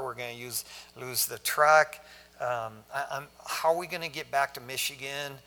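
A middle-aged pastor preaching in a casual, story-telling way, acting out every exchange as he goes. His voice sits a little high for a man and rings bright and forceful. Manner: conversational storytelling, acts out dialogue. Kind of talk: sermon testimony.

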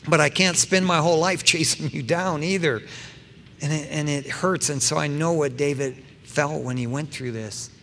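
A middle-aged man preaching a sermon as pastor, emphatic, swinging between loud stressed phrases and soft asides, with casual fillers like "you know" and "man". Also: on the high side, fairly even intonation, moderate pace. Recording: long hall reverb with faint background noise.

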